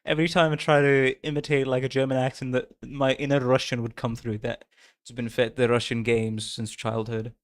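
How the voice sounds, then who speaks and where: A man's voice: medium pitch, level tone, brisk. A man streaming a story game, chatting casually in a playful, self-mocking way and laughing often. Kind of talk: casual live-stream chat while reading a game story.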